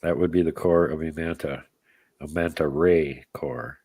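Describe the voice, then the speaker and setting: Very deep-voiced man hosting casual chat. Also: steady tone, a little slow, dark tone, slightly rough, no echo. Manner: rambling, joking, answers chat comments by name. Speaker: podcast host. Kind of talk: casual live-stream chat.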